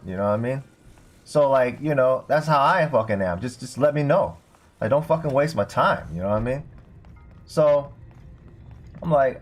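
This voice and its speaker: Here a young man, a streamer who also tends bar, chats while livestreaming a game. His mid-range voice is expressive and moderately paced as he spins a meandering tale loaded with curses and fillers.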